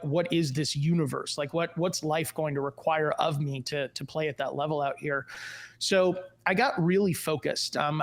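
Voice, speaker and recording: Man, forties, from the Chicago suburbs, podcast guest; lively storyteller who acts out quotes, fairly high voice. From US Midwest, Chicago suburbs. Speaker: guest, tech company executive.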